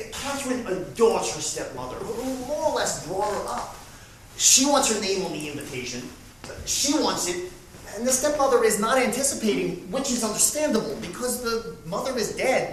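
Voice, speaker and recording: A man's voice: high voice, a bit bright, a little hiss or hum. A man playing a flustered, harried man. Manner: rapid, exasperated, stumbling over words. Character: flustered, harried man caught in family squabbles. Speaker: stage actor. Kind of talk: theatrical monologue. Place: theatre stage. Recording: echoey stage from far off.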